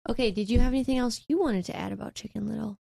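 A woman's voice: on the high side, racing, gravelly, dark tone, no echo, clean studio sound. A young adult woman co-hosting a movie podcast, upbeat and slangy, steering the casual chat. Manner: upbeat, slangy, leads the talk. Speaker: podcast co-host.

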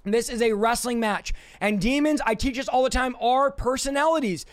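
A man's voice: extremely high pitch, moderate pace. A man preaching on a livestream, emphatic and confrontational, repeating his points for force. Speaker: deliverance preacher. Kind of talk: livestream teaching.

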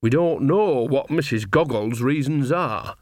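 A man's voice: medium pitch, expressive, measured pace, no echo, studio quality, lightly acted. A man reading an audiobook, voicing a stern, commanding elderly woman witch who speaks curtly.

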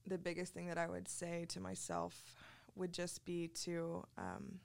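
A woman's voice: lowish voice, monotone, a little slow, creaky. A woman who is a photographer, a guest on a podcast, talking candidly and earnestly with little laughs between thoughts. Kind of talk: casual podcast conversation.

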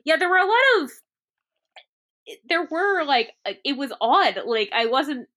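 A woman with a fairly high, bright voice chatting casually on a podcast. She giggles often, leans on filler words and lets her sentences trail off. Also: lively intonation, a little slow. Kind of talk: casual podcast chat about a film.

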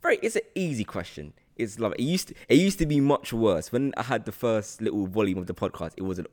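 A man's voice: lowish voice, lively intonation, fast, a little mellow. A man hosting a podcast interview, friendly and rambling, laughing often. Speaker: podcast host.

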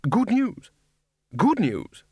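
A man's voice: fairly high pitch, very animated, unhurried, a bit bright, no echo, clean studio sound, full character voice. Guy doing a bossy old wizard boss, short-tempered, stammers when rattled. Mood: flustered. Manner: brusque, stammers when unsettled. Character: blustering head wizard, gruff and impatient.

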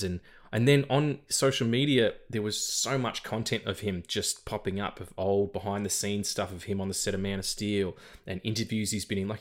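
An Australian man co-hosting a podcast in casual chat, rambling and swearing, often repeating words as he stumbles. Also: fairly low pitch. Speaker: podcast co-host.

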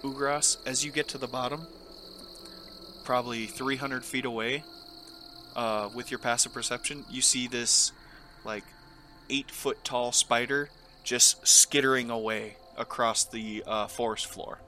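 A man's voice: medium pitch, fairly even intonation, unhurried, sharp tone, a little hiss or hum. A man running a tabletop game as game master, narrating loosely with lots of fillers. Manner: casual, filler-heavy narration.

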